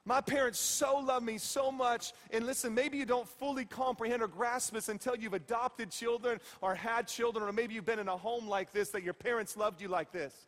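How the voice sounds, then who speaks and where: A middle-aged pastor with a very high voice delivers a sermon in a reverberant church hall. He is playful and emphatic, sinking to near hushes and then climbing into shouts. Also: fairly even intonation, normal speed, hardly any pauses. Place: church sanctuary.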